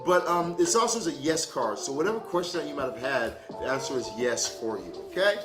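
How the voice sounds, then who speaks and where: A man with a slightly high voice doing a casual tarot reading on a livestream, loose and full of swearing, joking and laughing easily. His voice echoes in the room. Music plays clearly in the background. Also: lively intonation, brisk. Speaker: tarot card reader.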